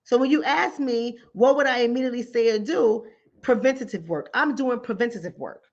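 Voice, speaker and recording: On a dull lo-fi recording, a brisk woman with a voice on the high side hosts a mental health talk show. She comments conversationally and informally, plays out both callers and her own responses, and hammers her points with emphatic repetition.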